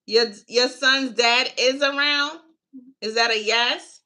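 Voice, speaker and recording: A woman's voice: fairly high pitch, fairly even intonation, takes it slowly, sharp tone. A woman giving a casual live-stream tarot reading, who chats unhurriedly with viewers and calls them baby and honey. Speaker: tarot reader taking live questions.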